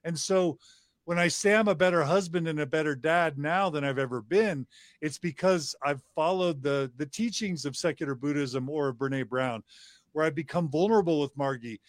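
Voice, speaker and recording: A man's voice: fairly high pitch, normal speed, no echo, clean studio sound. A middle-aged man talking earnestly and reflectively as a podcast guest, often restarting his sentences. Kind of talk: casual conversation.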